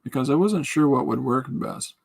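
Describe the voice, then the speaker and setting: A man's voice: medium pitch, normal speed, creaky, breathy edge. A man hosting a podcast stream, chatting casually and rambling with jokes while he draws and answers viewer comments. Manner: rambling, jokey, reads out and answers chat comments. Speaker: podcast host. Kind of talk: casual livestream chat while drawing.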